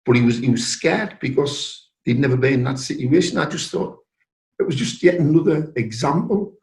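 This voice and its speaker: An older man with a North East English accent, telling a personal story in an interview and lively when acting out quoted voices. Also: medium pitch, moderate pace, gravelly. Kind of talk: anecdotal storytelling. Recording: roomy echo.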